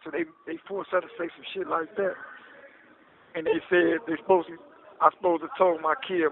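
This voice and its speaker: Man with a high gravelly voice telling his story, tinny phone line. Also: brisk. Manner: animated, repeats "you hear me?". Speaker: interview guest recounting his case. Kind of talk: casual storytelling interview. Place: prison phone call.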